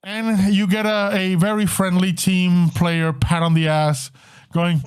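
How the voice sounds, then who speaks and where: A man with a fairly high voice narrating a tabletop game as game master. He describes the scene in a loose way and often breaks into laughter. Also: flat delivery, a little slow, clear, resonant tone.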